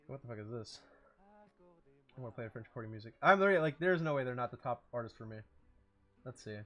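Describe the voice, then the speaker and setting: A young man hosts a loose streamer podcast in a voice of middling pitch. He rambles and jokes, trails off into quiet mumbles, then jumps into loud, excited bursts. Faint music plays underneath. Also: fast talker. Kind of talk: casual chat.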